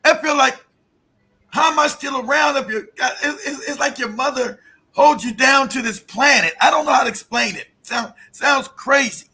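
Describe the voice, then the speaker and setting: High-voiced husky man telling a story. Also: normal speed, bright, forceful tone. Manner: profane, emphatic, many restarts. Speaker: guest telling a personal story. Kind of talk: emotional casual storytelling.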